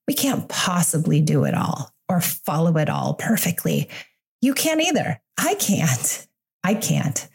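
A woman in her forties speaking alone on her podcast as a parenting coach. Her voice sits a little low and she talks in a candid, confessional way, reassuring her listeners as she goes. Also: sing-song, a little slow, creaky, darkish tone, breathy edge. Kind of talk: solo podcast monologue.

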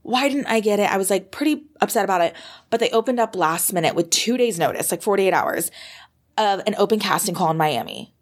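Fast-talking young woman telling a story. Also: medium pitch. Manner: animated, reenacts moments with fillers like "like". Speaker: podcast guest, model. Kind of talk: conversational storytelling.

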